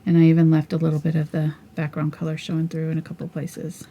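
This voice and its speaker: A woman's voice: sits low, monotone, fast, warm tone, highs cut off. A middle-aged woman teaching a live painting tutorial, chatting and thinking aloud as she works. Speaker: painting instructor.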